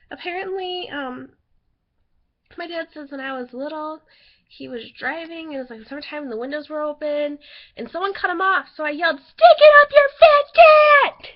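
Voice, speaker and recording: A woman's voice: sits high, highs cut off. A young woman chatting casually to her camera, rambling with fillers and giggling between stories. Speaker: vlogger.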